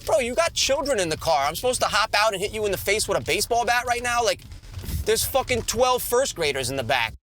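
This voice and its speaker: A man's voice: sits high, a little hiss or hum. A man co-hosting a podcast, ranting in casual chat with a lot of swearing. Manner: animated, profane ranting. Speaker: podcast co-host. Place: New York City.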